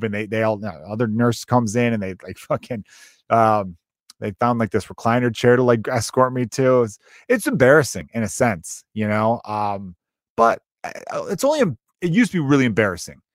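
A man's voice: medium pitch, no echo, studio quality. A man, talking through a loose, profane, rambling podcast monologue and often restarting his sentences. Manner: rambling, profane, self-interrupting storyteller. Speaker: podcast host. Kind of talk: casual monologue.

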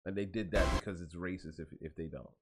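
A man co-hosting a casual podcast, laid-back and quick to laugh as he gives his opinions. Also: deep voice. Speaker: podcast co-host. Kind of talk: casual reaction chat.

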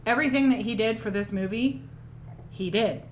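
A woman co-hosting a casual podcast chat, chiming in with quick asides and bits of trivia. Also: on the high side, slight background noise. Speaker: podcast co-host.

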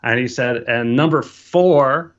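A man's voice: medium pitch, slow pace, lo-fi sound. A man casually telling a story about his start as a wedding photographer, acting out the dialogue. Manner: animated anecdote, acting out quoted dialogue.

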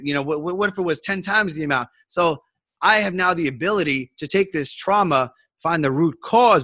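A man's voice: a little high, bright, forceful tone, dry recording. A man in a podcast interview, explaining health coaching in an emphatic way and acting out his own inner thoughts.

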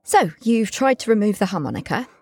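A woman's voice: mid-range voice, sing-song, fairly quick, darkish tone, husky, dry recording, studio quality. A woman interviewing in a comedy sketch, exasperated and clipped, keeping up a strained politeness.

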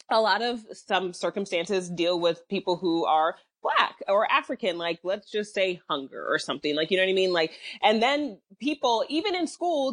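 Relaxed woman in casual chat. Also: medium pitch, no echo. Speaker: podcast co-host.

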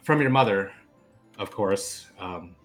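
A man's voice: fairly low pitch, animated, slow pace, faint music behind. A man voicing a confident female adventurer with a breezy, self-assured manner.

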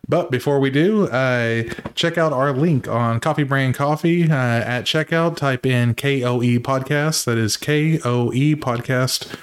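A man hosting a podcast who reads a quick intro and sponsor spot, then banters casually. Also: mid-range voice, clear, resonant tone. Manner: brisk scripted intro, then joking banter. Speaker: podcast host.

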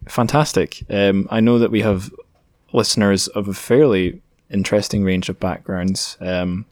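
A Scottish man talks through listener notes in a loose, rambling way. His voice sits low, and the sound is dry and close with no room around it. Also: steady tone, normal speed, a little mellow, no room sound. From Scotland. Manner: chatty, rambling, self-correcting. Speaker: podcast host. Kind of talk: casual solo podcast chat.

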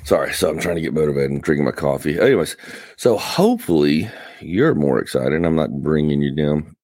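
A man's voice: very deep voice, expressive, a little fast, a little mellow, no echo. A tired man hosting a casual podcast, rambling and interrupting himself with wry asides. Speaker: podcast host. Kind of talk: casual chat. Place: Atlanta area.

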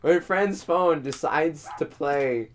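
A man's voice: a little high, slow pace, slight background noise. A young man casually telling a long story, rambling with repeated words, frequent swearing and laughter. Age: young adult.

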